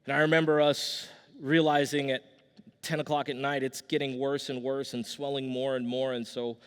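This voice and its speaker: A man's voice: medium pitch, flat delivery, moderate pace, clean tone. A man in his thirties preaching a sermon as pastor, telling stories conversationally with restarts and a casual "y'all". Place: church sanctuary with long reverb. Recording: long hall reverb from a church.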